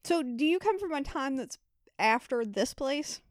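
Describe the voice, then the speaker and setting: A woman runs a comedy interview, playful and quick to laugh. Her voice sits fairly high. She sounds close and dry, with no room echo. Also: animated.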